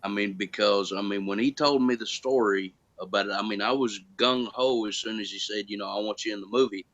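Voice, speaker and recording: A man's voice: on the low side, fairly quick, highs cut off. A man telling stories in casual chat as a guest, acting out quoted exchanges. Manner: animated storytelling, acts out quoted exchanges. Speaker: guest actor.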